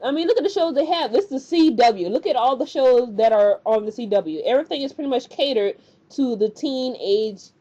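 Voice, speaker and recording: A woman's voice: sits high, animated, brisk, dark tone. Chatty woman recapping a show. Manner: rambling and colloquial, acting out characters' lines. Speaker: TV recap vlogger. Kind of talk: casual episode recap. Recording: dull lo-fi recording.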